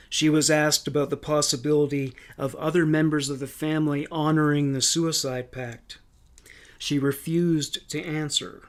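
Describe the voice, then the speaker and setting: Brief: male true crime narrator, measured and somber, slightly high voice.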